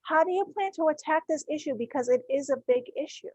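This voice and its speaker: A woman's voice: sits high, fast talker, warm tone, no room sound, highs cut off. A woman host, asking a guest pointed, passionate questions. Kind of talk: interview questions.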